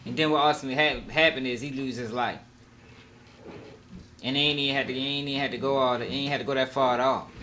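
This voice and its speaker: Animated man reacting on a live stream. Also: medium pitch, slight background noise. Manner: animated, slangy, laughs along. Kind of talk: casual live reaction commentary.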